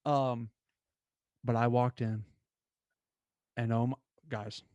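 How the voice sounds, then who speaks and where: A young man hosting his own show, telling a story in an animated, casual way with lots of fillers. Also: medium pitch, slow pace, dry recording, muffled recording. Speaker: podcast host.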